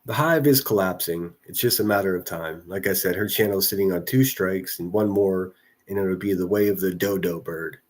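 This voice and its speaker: A man's voice: sits low, normal speed. Rambling man reading his livestream chat. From northern US city. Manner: rambling, reads chat aloud, frequent restarts. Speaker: livestream host. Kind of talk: casual livestream commentary.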